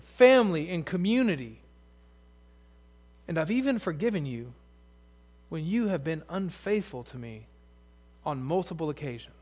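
A man voicing God as a wronged, fed-up husband, with emphatic, aggrieved grievances in a sermon illustration. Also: high-pitched.

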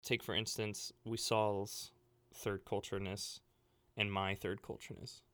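A man co-hosting a podcast, telling a story in a casual, animated way with lots of "like" fillers. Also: fairly low pitch, unhurried, dry recording. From Libya. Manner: filler-heavy, animated, laughing while telling stories. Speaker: podcast co-host.

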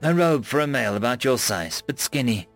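A man voicing an earnest, gentle young woman student who speaks politely and reassuringly in a storybook reading. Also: mid-range voice, animated, fairly quick, faint music behind, close to an everyday voice.

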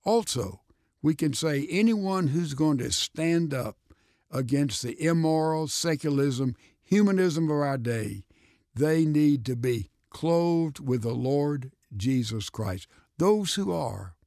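A man with a gravelly, fry-tinged voice answers a question on a radio program, explaining steadily. The studio sound is dry and close. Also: mid-range voice, mellow, no room sound. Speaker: pastor and radio guest.

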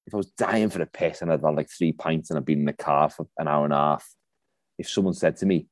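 A man's voice: rumbling low, quick pace, no room sound, clean studio sound. A man in his thirties co-hosting a podcast in a laid-back, joking way, trailing off and restarting his sentences. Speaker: podcast co-host. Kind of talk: casual chat.

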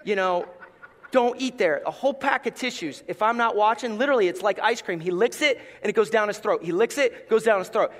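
A middle-aged man, a pastor, preaching a sermon with animated storytelling and playful asides. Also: high-pitched, fast talker, few pauses, big-room sound.

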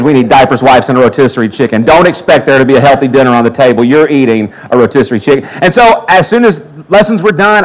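Animated storytelling male preacher. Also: fairly high pitch, low-quality recording. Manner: animated storyteller acting out quotes. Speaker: pastor. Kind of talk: sermon storytelling.

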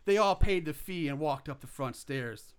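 A man's voice: fairly high pitch, expressive, normal speed, clear, resonant tone. A man reading a comedy horror story aloud to friends, laughing and stumbling over words as he goes. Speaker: reader narrating a fan story.

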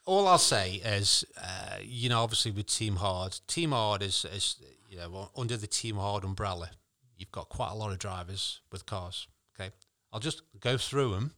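A man's voice: on the low side, animated, moderate pace, few pauses, sharp tone. Jokey, laughing man. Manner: jokey, laughs often, enthusiastic. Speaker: co-host. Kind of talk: casual chat.

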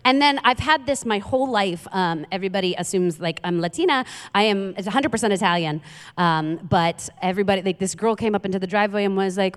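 A guest speaker from Queens, New York, preaches a humorous sermon in a church sanctuary, full of chatty, self-deprecating stories. Her voice is medium-pitched, fairly quick, clear and resonant. A long hall reverb hangs on the recording.

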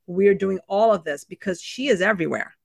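A woman's voice: medium pitch, a little fast, vocal fry, dry recording, clean studio sound. A woman co-hosting a podcast, chatting casually and emphatically about a book. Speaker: podcast co-host.

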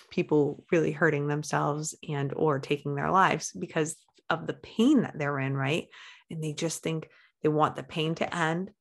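A woman, a life coach, talking candidly as a podcast guest, blunt and swearing, with bursts of feeling. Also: deep voice. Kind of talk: candid interview talk.

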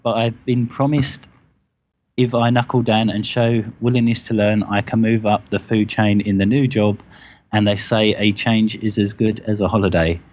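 Low-voiced man stumbling through a read. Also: level tone, darkish tone. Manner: halting, self-conscious reading with stumbles. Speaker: podcast co-host. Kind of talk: reading a listener email aloud.

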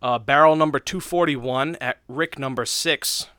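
A man guest on a podcast, talking in a careful, halting way with many restarts. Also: medium pitch, sharp tone, clear, resonant tone, dry recording, clean studio sound. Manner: careful, halting, reading details aloud. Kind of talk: casual chat.

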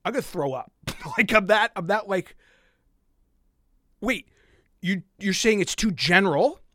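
A man's voice: high voice, lively intonation, measured pace, pushed and bright, dry recording, clean studio sound. A man hosting a podcast, delivering a heated, exasperated solo rant with sighs and muttered asides. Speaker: podcast host.

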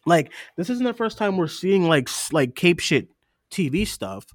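Rambling with plenty of fillers and frequent laughter, this man co-hosts a podcast in a casual review chat. His voice sits high and sing-song, and he talks a little slowly.

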